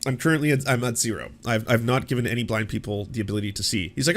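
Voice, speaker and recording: A man's voice: medium pitch, rapid-fire, few pauses. Profane, stammering man ranting. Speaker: commentary host. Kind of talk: ranting commentary.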